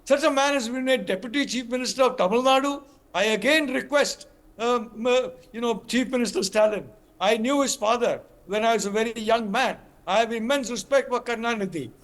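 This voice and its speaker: An older Indian man argues his point on a television news panel. His voice sits unusually high for a man, and he speaks in an emphatic, Indian English cadence, often restarting and repeating words. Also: brisk, fairly bright tone. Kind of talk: TV news debate.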